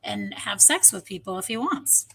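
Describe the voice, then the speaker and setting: Gravelly-voiced woman guest. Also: mid-range voice, big pitch swings, moderate pace, sharp tone. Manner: jokey, musing. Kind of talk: casual chat on a live podcast.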